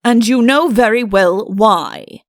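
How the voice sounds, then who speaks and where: Woman doing a young prince, blustering, stammering, flustered, gravelly, dry close sound. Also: on the high side, slow, no room sound. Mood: angry. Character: young prince, stern but easily flustered man. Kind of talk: audiobook character voice.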